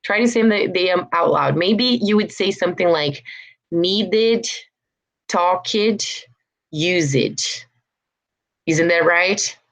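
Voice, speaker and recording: A woman's voice: fairly low pitch, normal speed, hardly any pauses. A young adult woman from Brazil with a Brazilian Portuguese accent, giving an online English pronunciation lesson and patiently repeating words for practice. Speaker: English teacher.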